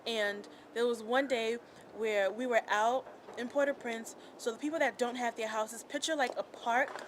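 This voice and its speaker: A woman's voice: fairly high pitch, fairly even intonation, normal speed, background noise. A young woman chatting casually and telling of her own experience, full of fillers like "like" and "um". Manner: chatty, lots of "like" and "um". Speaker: interviewee. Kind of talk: casual personal account. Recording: music playing underneath.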